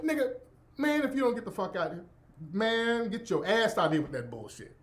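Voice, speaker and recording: Profane, animated man ranting on his show. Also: high voice, fairly quick. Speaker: radio show host. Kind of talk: casual storytelling monologue.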